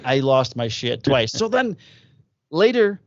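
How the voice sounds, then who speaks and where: A man, a police officer and podcast co-host, telling a story from work in a casual, profane, animated way. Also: medium pitch, slow pace, no room sound. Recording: dull lo-fi dry audio.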